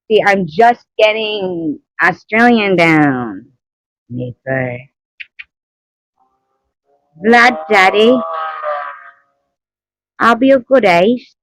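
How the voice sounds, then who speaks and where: A woman's voice: medium pitch, sing-song, extremely slow, long pauses, fairly bright tone, no room sound, rough recording. A woman hosting a casual livestream, rambling, reading out chat comments and laughing often between remarks. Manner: rambling, reads out chat comments and greets viewers. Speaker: livestream host. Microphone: phone.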